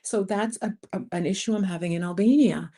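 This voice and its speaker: A woman in her fifties with a New York accent hosts a casual livestream on her channel, talking frankly to her viewers as "you guys." Her voice is medium-pitched and dark in tone, moving a little fast.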